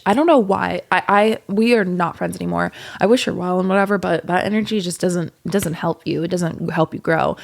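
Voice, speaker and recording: A young woman with a fairly low, gravelly voice hosts a podcast, telling a candid, rambling story in casual chat full of swearing and fillers.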